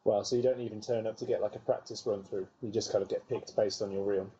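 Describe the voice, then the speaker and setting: A man's voice: on the low side, steady tone, quick pace, warm tone, husky, dull audio. A man hosting a podcast, asking the guest short encouraging follow-up questions. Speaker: podcast host. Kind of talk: interviewing a guest.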